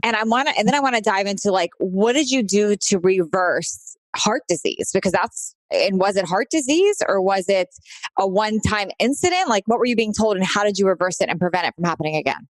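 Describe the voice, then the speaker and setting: Woman podcast host, upbeat, affirming, quick questions, dry close sound. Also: mid-range voice, lively intonation, dry recording. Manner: enthusiastic, affirming, rapid-fire questions. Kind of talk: casual interview chat.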